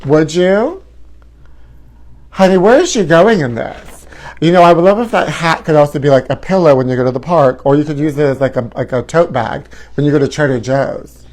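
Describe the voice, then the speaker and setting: A man's voice: on the high side, lively intonation, normal speed, a little mellow. A man in his forties hosting a live gossip talk show, flamboyant and sassy, calling his viewers honey. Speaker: host.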